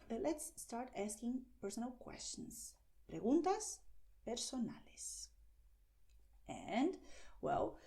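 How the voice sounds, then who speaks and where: A woman teaching beginners, patient and explanatory, often pausing on "well" and slowing down to model each phrase. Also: a little high, creaky, mellow. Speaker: language teacher.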